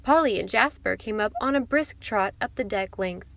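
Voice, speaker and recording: A woman narrating a children's classic audiobook in a clear, steady storytelling manner. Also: medium pitch, moderate pace.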